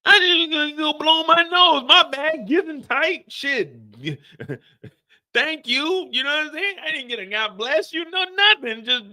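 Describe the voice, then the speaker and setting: A man's voice: very high voice, sing-song, moderate pace, pushed and bright. A man streaming a casual, profane chat to viewers, talking in an exaggerated, comically exasperated way and sounding tired. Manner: profane, repetitive storytelling. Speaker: show recap streamer.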